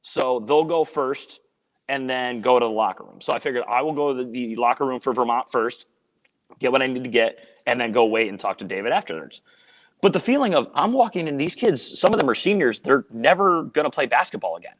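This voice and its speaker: A sports radio reporter with an expressive, medium-pitched voice tells a story at a brisk pace during a casual podcast chat. He's earnest and rambling, often restarting, and the lo-fi audio sounds dull with long reverb.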